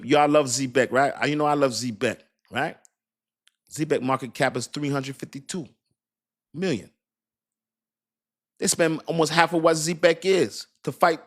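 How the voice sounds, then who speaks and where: A man streaming casual, emphatic commentary to his viewers, repeating himself and asking them questions. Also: a little high. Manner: emphatic, repetitive, talks straight to viewers with "y'all" and "you understand"; laughs and jokes about his own accent. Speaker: crypto streamer. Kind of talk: casual hype commentary to a live chat.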